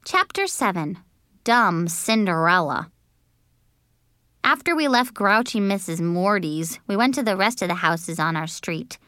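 A lively woman reading a children's book. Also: mid-range voice, unhurried, clean tone, dry recording, clean studio sound. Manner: animated, childlike first-person telling. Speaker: audiobook narrator. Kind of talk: expressive storybook narration.

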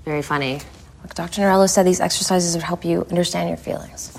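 A woman's voice: on the low side, steady tone, fast, vocal fry. An actress playing a worried middle-aged mother who pleads with her angry daughter. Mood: pleading. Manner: pleading and strained.

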